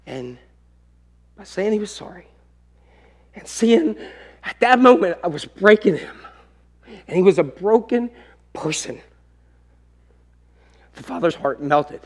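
A man's voice: high-pitched, lively intonation, takes it slowly, long pauses. A middle-aged man preaching a sermon, telling a family story and acting out what each person said. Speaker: pastor.

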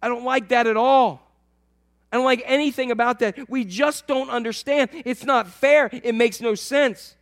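A man preaching a sermon to his church, swinging between loud emphatic lines and soft, low asides. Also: steady tone, normal speed. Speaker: pastor.

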